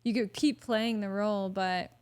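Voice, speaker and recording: A woman's voice: mid-range voice, fairly even intonation, moderate pace, darkish tone, clean tone. A woman guest on a podcast, talking candidly and animatedly, swearing now and then and acting out her own thoughts. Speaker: podcast guest, hypnotherapy practitioner. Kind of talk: casual podcast conversation.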